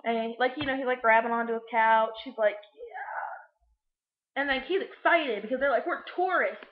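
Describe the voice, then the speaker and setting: A young woman with a higher voice rambles through a crude, sarcastic movie recap, full of fillers. She is recorded in an echoey room. The sound is muffled and lo-fi. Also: fast. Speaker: vlogger. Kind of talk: casual movie recap vlog.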